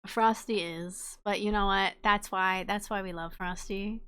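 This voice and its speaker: A woman chatting casually on a livestream as she plays a game, bubbly and quick to giggle, warmly greeting her viewers. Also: mid-range voice, steady tone, clear, resonant tone. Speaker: streamer playing a game.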